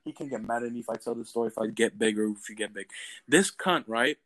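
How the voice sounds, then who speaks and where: A young man telling stories in a casual chat, animated and profane, often bursting into loud exclamations. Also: mid-range voice, quick pace, no echo.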